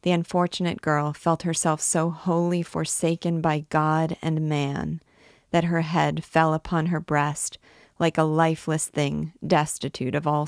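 Slow, low-voiced woman reading aloud. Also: dry recording, clean studio sound. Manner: slow, deliberate narration. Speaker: book reader and guide. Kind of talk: audiobook reading.

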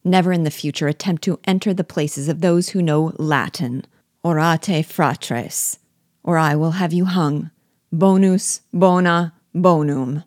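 A woman's voice: sits low, a little slow, darkish tone, no echo, studio quality. A woman reading an audiobook, voicing a cunning, imperious male rebel general who blusters with anger and mock learning. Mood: blustering.

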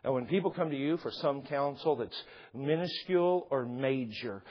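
A man's voice: medium pitch, normal speed. A man preaching a sermon as a pastor, impassioned and emphatic, repeating phrases for effect, on a slightly dull recording.

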